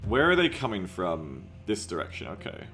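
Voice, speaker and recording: A man's voice: deep voice, big pitch swings, normal speed, music in the background. Chatty, swearing game streamer man. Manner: loose and chatty, swears, reads out chat. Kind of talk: casual livestream commentary.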